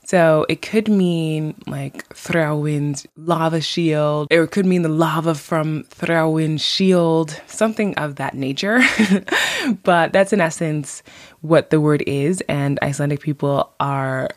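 Chatty low-voiced woman podcast host. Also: fairly even intonation, takes it slowly, no echo, clean studio sound. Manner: chatty, frequent "like" and "you know", laughs lightly. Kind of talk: casual podcast monologue. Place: lives in Iceland.

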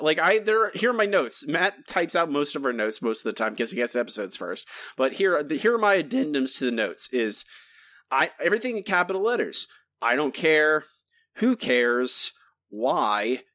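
Animated, ranting male podcast host. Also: mid-range voice. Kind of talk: casual podcast chat.

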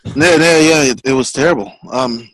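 A man's voice: medium pitch, moderate pace, no room sound, low-quality recording. A man in casual banter, telling stories in a joking way and laughing often.

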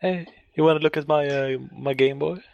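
A man imitating a dull young man who mumbles flatly about games and food. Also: on the high side, normal speed, gravelly, no echo. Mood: bored.

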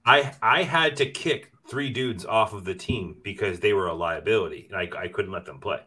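A man's voice: on the low side, normal speed, pushed and bright. A man who leads a club football team, speaking bluntly in casual chat, swearing freely and laughing often.

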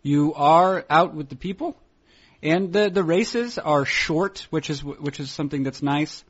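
A man's voice: on the high side, measured pace, husky. A man chatting casually as a podcast co-host, rambling with restarts and laughs. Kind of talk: casual chat. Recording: dull lo-fi recording.

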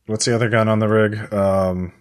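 A man's voice: fairly low pitch, level tone, moderate pace. A man playing a tabletop game, talking casually with hesitations and wry remarks. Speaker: player.

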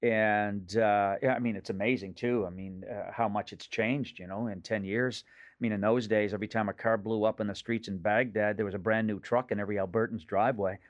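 A man's voice: on the low side, fairly even intonation, fairly quick, lo-fi sound. Rambling storytelling comedian, man in his fifties. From Nova Scotia, Canada. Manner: rambling, joke-filled storytelling with many fillers. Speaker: guest comedian. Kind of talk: casual radio interview.

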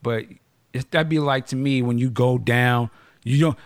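A man's voice: medium pitch, no echo. A man hosting a podcast in casual chat, joking and restarting his sentences as he goes. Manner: animated, joking, halting restarts. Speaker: podcast host.

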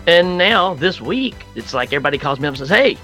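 A man guesting on a podcast, rambling and joking in a relaxed, casual way. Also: fairly high pitch, fast talker, faint music behind.

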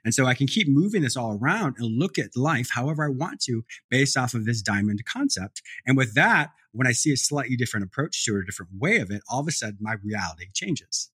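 A male podcast host talks fast with a lively, swinging pitch, eager and affirming. His voice is a little husky and recorded close and dry. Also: dry recording. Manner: enthusiastic, affirming, quick-talking. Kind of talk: casual interview chat.

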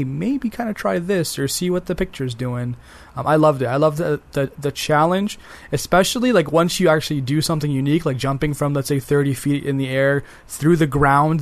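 A man with a fairly high voice talks excitedly on a gaming podcast. He trips over repeated words and fillers, casual and keen. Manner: enthusiastic, repeats words while thinking. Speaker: podcast co-host. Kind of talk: casual game discussion.

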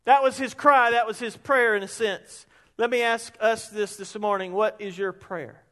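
A man, preaching an animated sermon that rises into shouts. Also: sits high, moderate pace. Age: 50s. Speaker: pastor. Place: church sanctuary. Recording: long reverb of a large hall.

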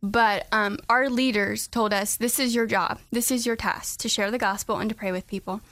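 A young adult woman speaking as a radio interview guest in an earnest, halting way with many ums, at a studio microphone. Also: a little high, steady tone, fairly bright tone, no room sound. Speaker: guest, student back from a mission trip.

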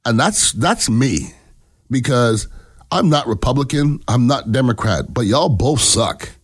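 A man's voice: medium pitch, expressive, measured pace, breathy edge. A man talks through a casual political commentary with blunt, emphatic delivery. He swears freely and keeps checking in with his listeners.

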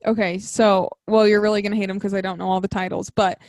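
A young woman co-hosting a podcast in casual chat, gushing and excitable about fond memories. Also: medium pitch, quick pace, no echo. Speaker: podcast co-host.

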